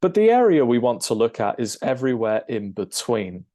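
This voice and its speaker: A man, an English teacher, explaining a lesson over a shared screen, checking in with "okay?" and filling pauses with "um". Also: medium pitch, sing-song, mellow. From United Kingdom. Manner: explanatory, frequent "okay?" check-ins and "um" fillers.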